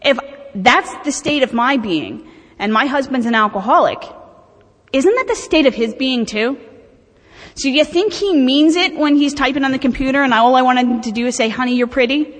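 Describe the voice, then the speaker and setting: A woman's voice: high voice, normal speed. A middle-aged woman speaking candidly and animatedly about her own recovery, with self-mocking humor. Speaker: speaker sharing recovery experience. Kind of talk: personal talk at a recovery meeting. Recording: long hall reverb.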